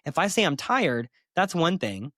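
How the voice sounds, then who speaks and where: A man's voice: on the high side, big pitch swings, measured pace, sharp tone, no room sound, clean studio sound. A man hosting a solo podcast as a therapist, talking candidly and emphatically, with sassy asides.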